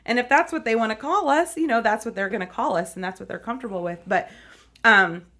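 A woman talks earnestly about fostering in a relaxed interview. She is a teacher who speaks with conviction and feeling. Small laughs break into her telling. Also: on the high side, fast talker. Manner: earnest, animated storytelling with frequent laughs. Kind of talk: conversational interview.

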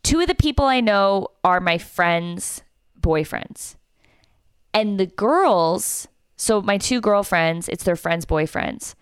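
Animated young woman telling a story. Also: mid-range voice, takes it slowly, clear, resonant tone, dry recording, clean studio sound. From Canada. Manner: animated, acts out quotes. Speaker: comedian and podcast co-host. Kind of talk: casual podcast storytelling.

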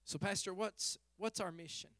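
A middle-aged male pastor preaching a sermon, telling a story softly and then rising to fervent exhortation. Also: high-pitched, normal speed, no room sound. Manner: storytelling, swings from hushed to fervent.

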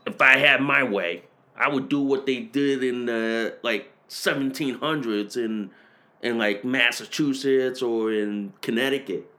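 A man hosting a podcast, ranting and hammering the same phrases over and over, rising to shouted peaks. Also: medium pitch, measured pace. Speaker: podcast host. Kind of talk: political rant.

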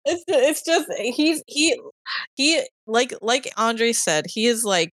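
A woman's voice: a little high, lively intonation, slow, fairly bright tone, no room sound. A woman co-hosting a podcast, chatting casually and brainstorming ideas, often restarting her sentences between laughs. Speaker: podcast co-host.

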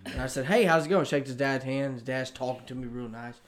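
A young man with a Southern US accent, a college student telling a story in casual chat, animated and acting out the dialogue. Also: mid-range voice, fast talker. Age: young adult.

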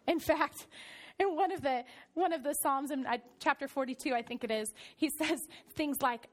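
Woman pastor, high voice, sermon with lively storytelling, church setting. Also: fairly quick. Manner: animated storytelling, swings from soft to loud.

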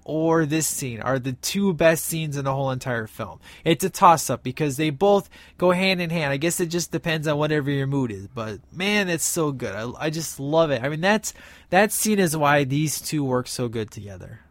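A man's voice: a little high, a bit bright, no room sound. A man casually recapping his favorite film scenes, enthusiastic and rambling with many fillers. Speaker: film reviewer.

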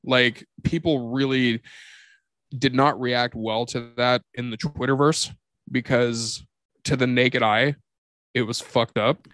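A male podcast host with a voice of ordinary pitch, talking casually and telling stories with lots of energy. He swears freely. The sound is dry and close, with no room around it. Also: takes it slowly, no room sound. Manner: animated storyteller, swears freely. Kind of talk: casual chat.

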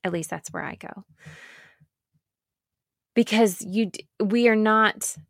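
A woman pastor and speaker giving an earnest, reflective talk, stressing repeated phrases with slow pauses. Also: medium pitch, creaky, dry recording, clean studio sound. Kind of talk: reflective spoken talk on grief.

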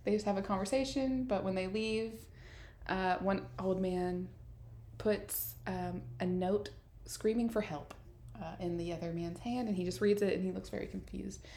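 A woman co-hosting a casual podcast, recapping a show with lively, laugh-filled storytelling. Her voice sits at an ordinary middle pitch. The room adds a noticeable echo. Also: normal speed, slight background noise. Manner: animated retelling, acting out lines with frequent laughs. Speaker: podcast co-host recapping an episode. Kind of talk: casual chat.

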